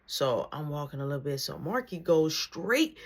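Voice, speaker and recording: A young man casually retelling a story with animated, slangy delivery. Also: fairly high pitch, moderate pace.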